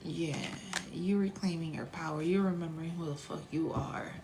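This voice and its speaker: A woman's voice: low voice, fairly even intonation, moderate pace, noisy background. A woman doing a casual tarot reading, chatty and blunt, sometimes dropping to a whisper and swearing freely. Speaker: tarot reader.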